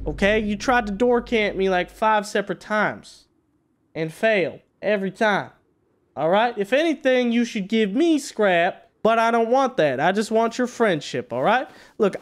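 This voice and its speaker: A man's voice: dark tone, natural voice. A man voicing a friendly, drawling southern guy over in-game voice chat, folksy and placating. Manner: folksy, placating, slightly raised pitch. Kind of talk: in-game voice chat role-play.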